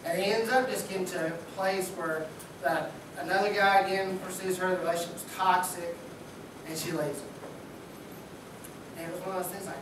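A man delivers a sermon in a loose, joking, buddy-like manner. He is heard from well back in a very echoey church sanctuary, with a steady hum of room noise under him. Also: sits high. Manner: casual, joking, talks like a buddy. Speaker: preacher. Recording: echoey church hall from far off.

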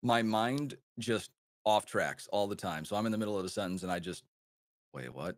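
A man with a light Wisconsin accent who talks at a fairly low pitch. He tells loose, self-deprecating stories in a casual podcast chat, often stopping and restarting mid-sentence. The sound is dry and close, with no room around it. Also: brisk, no echo. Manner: rambling, self-deprecating storytelling with frequent restarts. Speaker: podcast guest, former radio host.

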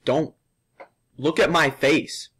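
A man's voice: fairly high pitch, steady tone, takes it slowly, a bit bright, breathy edge. A young male vlogger doing a sugar challenge, worn out and dramatic, coughing and complaining between words. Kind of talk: casual vlog.

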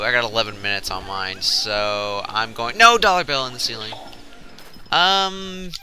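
A man's voice: medium pitch, sharp tone, a little hiss or hum. A young man giving casual let's play commentary with chatty, mumbled asides.

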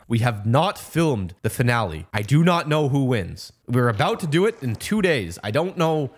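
A man's voice: medium pitch, slightly rough. A man narrating a voiceover for a game video, rambling off script and talking to himself. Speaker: video host.

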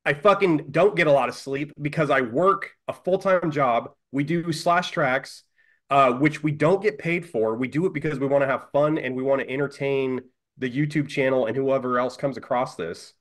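A man's voice: a little high, a bit bright. Man, podcast co-host, blunt, swears freely, casual chat. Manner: blunt, profane, gets heated.

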